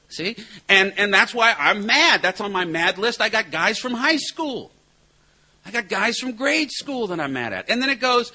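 A man's voice: sits high, very animated, moderate pace, bright, forceful tone. A middle-aged man telling a recovery group about his own drinking, sponsor-style, with a wry, self-mocking humor and punchlines. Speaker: recovery meeting speaker and sponsor. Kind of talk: personal recovery talk to a group.

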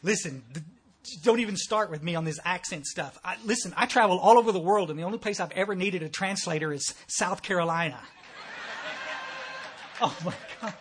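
A man's voice: sits high, brisk, breathy edge. A man with a thick Texas accent giving a blunt, folksy, joking talk at a recovery meeting.

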